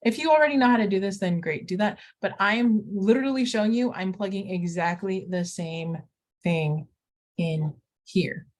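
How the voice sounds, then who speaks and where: A woman's voice: mid-range voice, normal speed, darkish tone. A middle-aged woman teaching math in a recorded lesson, talking students through each step with playful asides.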